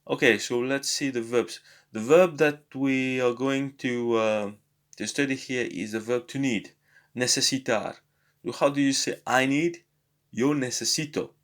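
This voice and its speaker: A man's voice: medium pitch, a bit bright. Hesitant man teaching a language lesson. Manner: hesitant, many fillers and restarts. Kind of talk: casual spoken lesson.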